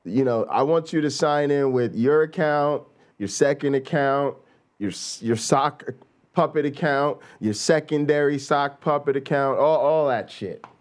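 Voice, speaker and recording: A man hosting a casual reaction show, laid-back and quick to laugh, with lots of fillers. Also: medium pitch. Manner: relaxed, laughs a lot, drawn-out fillers. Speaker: host.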